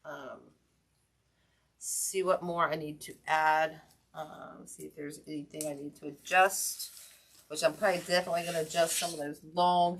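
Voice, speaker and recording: A woman's voice: deep voice, steady tone, normal speed. Chatty woman hosting a craft livestream. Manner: chatty and folksy, many ums, greets viewers by name. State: in pain from a hurt hand. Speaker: wreath-making livestream host. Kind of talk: casual livestream chat while crafting.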